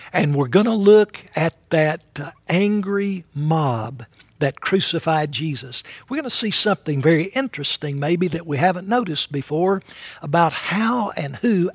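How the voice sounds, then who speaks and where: A man hosting a daily devotional, preaching and retelling scripture stories with emphasis and quick bursts of speech. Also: on the high side, slightly rough, no room sound. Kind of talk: devotional sermon.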